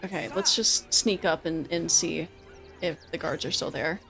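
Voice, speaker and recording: A woman streamer chatting casually over gameplay, laughing often and repeating herself when excited. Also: low-pitched, normal speed, vocal fry, soft background music.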